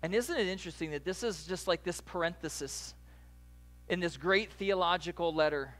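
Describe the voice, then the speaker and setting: A man preaching a sermon as pastor, in a conversational way with animated asides. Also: sits high, moderate pace.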